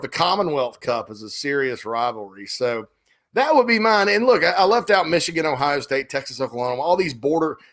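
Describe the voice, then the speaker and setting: A middle-aged man chats casually as a sports talk host. His voice sits a bit high and bright, with a forceful edge. He tells stories in an animated, rambling way and restarts his sentences often.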